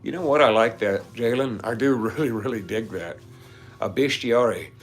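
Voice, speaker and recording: Faint music plays behind a man with a mid-range voice speaking at a moderate pace as he hosts a casual livestream. He reads comments from viewers, chats with them, rambles into nerdy tangents, and laughs frequently.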